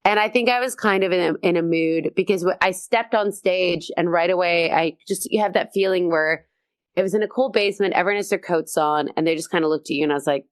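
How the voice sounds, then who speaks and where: A Canadian woman comedian in a casual interview, telling stories with energy and quick restarts. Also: on the low side, clear, resonant tone, no echo, studio quality. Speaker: comedian guest.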